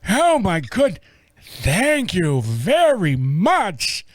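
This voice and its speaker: A confused old man of about eighty, grateful and courteous, played by a man telling a story. He speaks slowly and softly, with a thin, distant timbre unlike a younger man's voice. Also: sits high, huge pitch swings, no room sound, voice pushed up, exaggerated voice.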